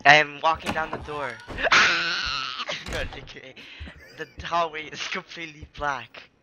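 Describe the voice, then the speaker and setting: A man playing a horror game, joking around and shouting in mock panic as he commentates. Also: fairly high pitch, fairly even intonation, a little slow, background noise. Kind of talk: let's play commentary.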